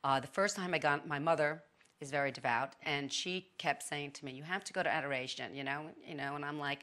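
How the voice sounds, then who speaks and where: A chatty, middle-aged woman speaks as an interview guest, often restarting her sentences. Her voice sits fairly low but sounds bright and forceful. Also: a little fast. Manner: chatty, animated, with many restarts. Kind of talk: casual testimony.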